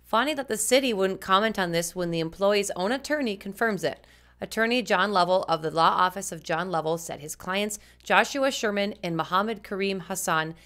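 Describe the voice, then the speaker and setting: A woman's voice: mid-range voice, normal speed, a bit bright. A woman, in a mid-range voice, reads news reports as a co-host. She speaks in a direct, earnest way to her viewers. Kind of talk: scripted news commentary.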